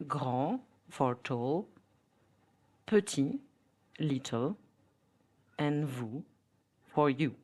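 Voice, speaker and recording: A woman's voice: low-pitched, a little mellow. A woman with a French accent teaching a podcast language lesson, modelling words carefully for listeners to repeat.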